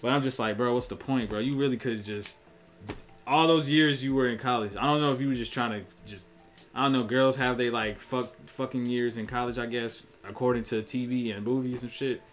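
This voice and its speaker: Man, mid-pitched voice, slangy and profane, rant to camera, faint music behind. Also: steady tone. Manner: profane, blunt, slangy, acts out quick voices. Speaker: online commentator. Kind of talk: casual opinion rant to camera.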